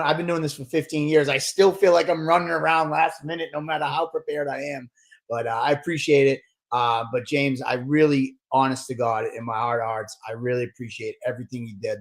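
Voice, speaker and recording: A man who promotes fight events, hosting a casual podcast with earnest, repetitive talk and many restarts. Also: mid-range voice.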